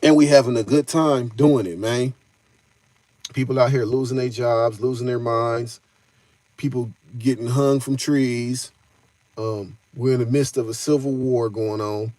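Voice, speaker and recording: A man hosts a casual live stream. His voice is mellow and dark, and he speaks at an everyday pitch. He talks loosely in slang and keeps calling out to his chat. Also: fairly even intonation, a little slow, no room sound. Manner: loose slangy talk, addresses chat directly.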